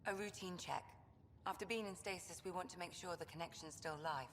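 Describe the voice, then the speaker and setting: A composed alien ship doctor. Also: female voice, on the low side, a bit bright, a little hiss or hum. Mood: professional. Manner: brisk, professional. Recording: game audio with long reverb.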